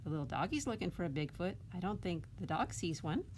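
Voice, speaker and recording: A woman's voice: on the low side, lively intonation, fast talker, darkish tone, slight background noise. A woman reading a picture book aloud at a library storytime, asking the children questions and adding coaxing "huh?" tags.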